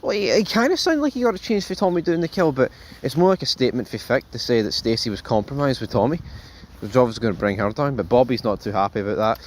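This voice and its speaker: A man's voice: mid-range voice, quick pace, hardly any pauses. Rambling man reviewing a show. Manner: rambling, animated, swears freely, addresses viewers as folks. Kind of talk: casual spoken review.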